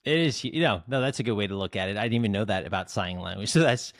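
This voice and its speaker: A man's voice: lowish voice, rapid-fire, no echo, studio quality. A man from South Jersey hosting an interview podcast, talking casually and at length, full of fillers and restarts. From South Jersey, United States. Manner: chatty, rambling, many fillers and restarts. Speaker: podcast host.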